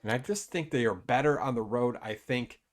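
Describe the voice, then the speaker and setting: A man's voice: medium pitch, moderate pace. A man co-hosting a casual sports podcast, rambling and hesitant with lots of fillers. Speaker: podcast co-host.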